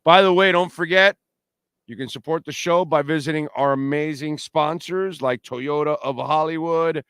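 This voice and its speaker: A brash, trash-talking middle-aged man hosts a postgame sports show. His voice is smooth and resonant, and it sounds close and dry with no room around it. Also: medium pitch, a bit bright, no room sound. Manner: brash, trash-talking, reads sponsor plugs and super chats. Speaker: sports talk show host. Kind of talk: casual postgame livestream talk.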